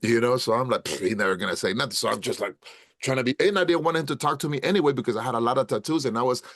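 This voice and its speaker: A man's voice: medium pitch, very fast, dry recording, studio quality. A middle-aged man telling a story in a casual podcast interview, acting out what people said and calling the host "bro" and "brother". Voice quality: street slang. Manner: animated storyteller, acts out quotes, says "bro" and "brother" often. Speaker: podcast guest, actor.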